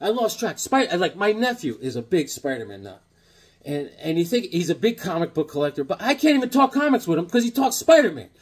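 A man's voice: sits high, big pitch swings, fairly quick. A man showing off his comic book collection in a rambling, joking way, often acting out little conversations in silly voices. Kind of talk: casual comic collection show-and-tell.

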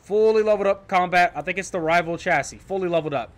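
A man's voice: high-pitched, fast talker. A man giving casual, jokey commentary over his own gameplay, talking to his viewers, repeating phrases and swearing when things go wrong. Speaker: gameplay streamer.

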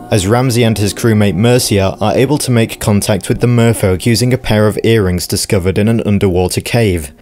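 Low-voiced man narrating with wry asides. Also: a little mellow. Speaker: video game lore narrator. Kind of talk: casual scripted narration.

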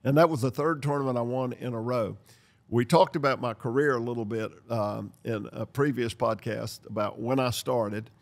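Gravelly older man telling stories. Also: mid-range voice, normal speed. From North Carolina, USA. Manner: lively storyteller who acts out dialogue and laughs. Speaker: podcast host. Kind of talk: storytelling podcast chat.

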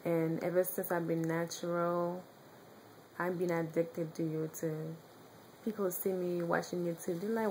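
Haitian-accented young woman vlogger, lowish voice, chatty, stops to find words, faint hiss behind. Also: flat delivery, dark tone, low-quality recording. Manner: chatty, halting, searching for words. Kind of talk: casual chat.

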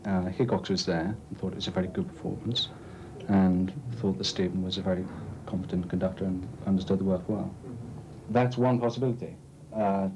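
A young man with a deep, low voice speaks in an earnest, measured way, often pausing to hesitate. He is organising a student music society. There is faint noise behind him. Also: darkish tone, lo-fi sound. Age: young adult. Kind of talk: committee discussion and radio interview.

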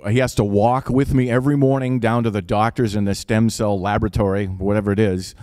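A man's voice: on the low side, fairly even intonation, brisk, darkish tone, clean tone, no echo, studio quality. A man with an Upper Midwest accent telling a personal story live, in a casual, wry, profane way.

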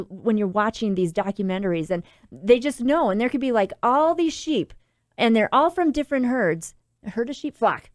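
Woman radio co-host, easygoing and chatty, bright-pitched, close dry mic. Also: dry recording. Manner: chatty, laughs often, restarts sentences. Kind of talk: casual faith talk.

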